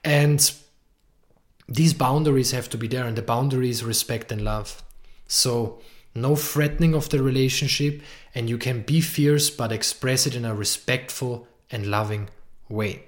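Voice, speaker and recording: A man's voice: medium pitch, measured pace. A man hosting a podcast, giving earnest, emphatic relationship advice and repeating key lines for weight. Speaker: podcast host, relationship coach. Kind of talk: monologue podcast teaching.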